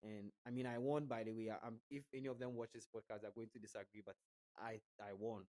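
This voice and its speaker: A man's voice: lowish voice, fairly even intonation, fast talker, dark tone, low-quality recording. A young man from Ghana with a Ghanaian accent, talking casually as a podcast guest, chatty, laughing easily and repeating words as he restarts. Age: young adult. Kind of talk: casual interview chat.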